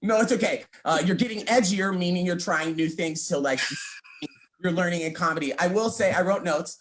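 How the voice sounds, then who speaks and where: A man's voice: high voice, brisk, a bit bright, slight background noise. A man hosting, giving teasing, mock-encouraging feedback on a comedy set. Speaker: show host giving feedback. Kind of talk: casual comedy critique.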